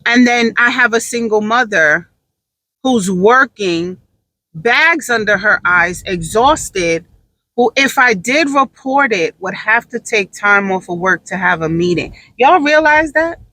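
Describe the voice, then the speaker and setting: A woman's voice: on the high side, expressive, a little slow, pushed and bright, no room sound, rough recording. A woman giving her candid opinions in a brash, profane, emphatic way, repeating phrases for emphasis and laughing easily. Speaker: podcast talker.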